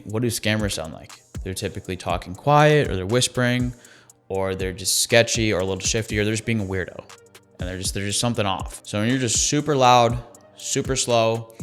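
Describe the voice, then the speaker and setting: A man's voice: on the low side, moderate pace, fairly bright tone, soft background music. A man giving sales training in an emphatic, conversational way, repeating his key phrases. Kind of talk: coaching talk on sales calls.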